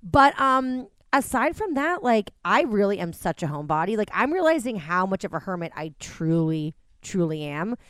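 A woman co-hosting a casual remote chat, talking in fast animated bursts with frequent laughter and swearing. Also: mid-range voice, no room sound, studio quality. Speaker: podcast co-host. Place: at home, connected remotely.

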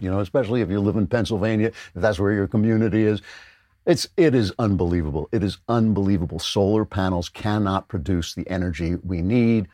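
A man's voice: on the low side, a little fast, mellow, no echo, clean studio sound. A man hosting a political commentary show, talking in a sardonic, emphatic way. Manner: sardonic, emphatic, reads ad copy with jokey flair. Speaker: host.

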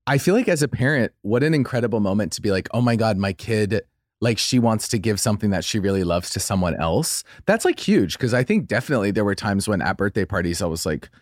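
A man's voice: fast, dry recording, clean studio sound. A man co-hosting a podcast who is effusive and gushing in casual chat, and says he is sick. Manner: effusive, gushing, swoops high when excited. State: has a cold. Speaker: podcast co-host.

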